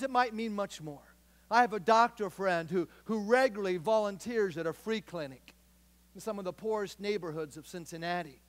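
A middle-aged man preaching a sermon as pastor, telling stories with earnest, emphatic repetition. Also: high voice.

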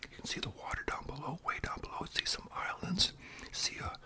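A man in his sixties telling a long story in a whispered ASMR voice, rambling and adding tag questions as he goes. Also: brisk.

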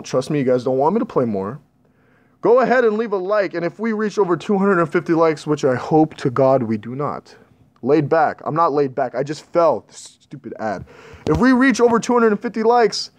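A man's voice: fairly high pitch, a little mellow. A young man commenting on a horror game he is playing, jittery and panicky as he talks to his viewers. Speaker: gaming channel host. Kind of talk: scared horror gameplay commentary.

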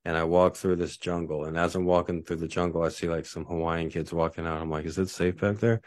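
A man's voice: sits low, monotone, quick pace, no echo. A man from Texas telling a casual story, rambling along with lots of fillers and restarts.

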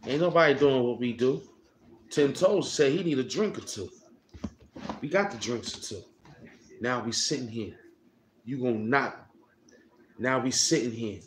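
A man's voice: medium pitch, unhurried. A man hosting a casual outdoor live stream, boasting, rambling and slipping into freestyle rhymes. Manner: boastful, rambling, slips into rhyming chants. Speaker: livestream host. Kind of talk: casual livestream banter and freestyle rap. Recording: echoey with faint outdoor noise.

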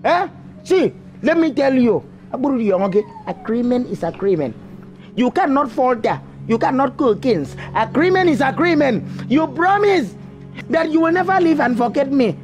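Quarrelsome nigerian girl, accusing and loud. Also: sits high, sing-song, normal speed, faint music behind. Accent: Nigerian Pidgin. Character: jilted quarrelsome young woman. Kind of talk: comedic film acting.

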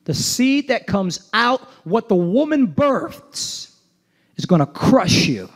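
A man preaching a sermon in a notably high voice. He is emphatic and casual, mixing slang with scripture and checking in with his listeners as he goes. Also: very animated, takes it slowly. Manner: emphatic, engaging the congregation with call-and-response asides. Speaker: pastor.

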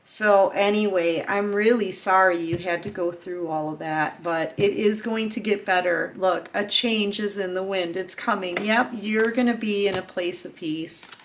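A woman's voice: medium pitch, a little slow, hardly any pauses, a little hiss or hum. Earnest woman tarot reader. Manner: earnest, heartfelt, talks straight to the viewer; loose and chatty with fillers. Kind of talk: casual collective tarot reading.

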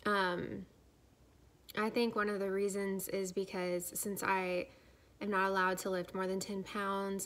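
A woman's voice: mid-range voice, fairly bright tone. A young woman chatting casually in a vlog, filler-heavy and saying "like" a lot, a little out of breath as she talks. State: slightly out of breath. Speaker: vlogger. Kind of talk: casual pregnancy update vlog.

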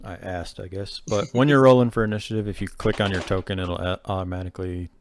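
A man's voice: low voice, steady tone, quick pace, a crowd in the background. A young man running an online tabletop game as game master, patiently explaining the rules step by step over a voice chat microphone.

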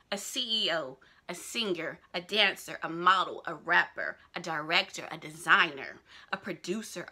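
Girl vlogging, super excitable, bright voice, bouncing all over in pitch. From Georgia, US. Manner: gushing, excitable, repeats herself. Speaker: fan news vlogger. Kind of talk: casual vlog chat.

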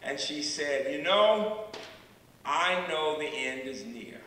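A man in his sixties, a university president giving a public lecture, telling stories with dramatic pauses and repeated refrains. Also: on the high side, animated, bright, forceful tone, a little hiss or hum. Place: large lecture hall. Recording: echoey hall from far off.

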